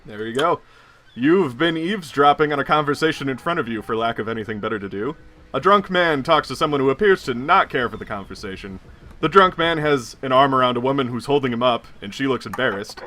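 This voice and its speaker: A man's voice: mid-range voice, expressive, a little fast, bright, forceful tone. A man narrating a tabletop horror game as game master, telling the scene like a story. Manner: storytelling, with chuckles.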